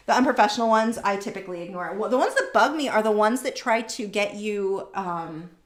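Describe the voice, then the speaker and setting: A woman's voice: medium pitch, expressive, a little fast. A woman hosting a casual art livestream, rambling chattily and reading out viewer comments. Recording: roomy echoey room.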